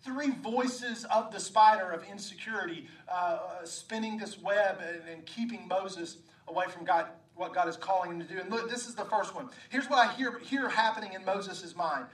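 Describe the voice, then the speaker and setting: A man preaching a sermon as pastor, animated and acting out scripture dialogue, with frequent repeated words, recorded from a distance in an echoey room. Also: high voice, moderate pace, few pauses.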